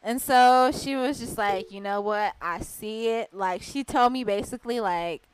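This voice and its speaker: A young woman, co-hosting a podcast and telling stories in a lively, casual way. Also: on the high side, a little slow, clear, resonant tone, dry recording. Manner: animated storyteller, laughing and acting out moments. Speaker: podcast co-host. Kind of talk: casual chat.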